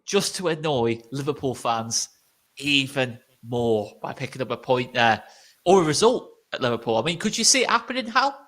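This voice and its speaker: A man's voice: mid-range voice, animated, moderate pace, fairly bright tone. A man hosting a casual football podcast, leading the questions and teasing his co-hosts. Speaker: host.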